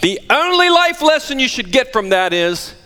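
An older man preaching a sermon, emphatic and animated, firing rhetorical questions at the congregation. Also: extremely high pitch, moderate pace, noisy background. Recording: long hall reverb.

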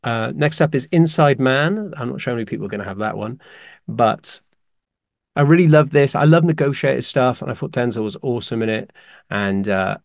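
A man co-hosting a casual podcast, excitedly ranking favourite films with dramatic apologies along the way. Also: mid-range voice, fairly quick, creaky, no room sound, clean studio sound. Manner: animated, excitable, apologetic asides. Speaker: podcast co-host.

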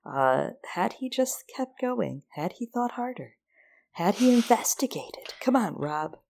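A woman's voice: medium pitch, sing-song, measured pace, creaky, darkish tone. A woman co-hosting a casual book discussion podcast, wry and joking. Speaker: podcast co-host.

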